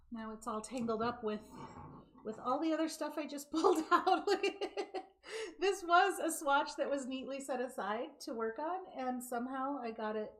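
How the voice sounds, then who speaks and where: A woman hosts a casual live craft show from home, talking straight into her camera with a slightly high voice. She chats, laughs easily and speeds up when she gets excited, then slows down to demonstrate a knitting stitch. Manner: chatty, laughing, hyper and fast when excited. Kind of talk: casual live-stream chat and knitting demo. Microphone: camera mic.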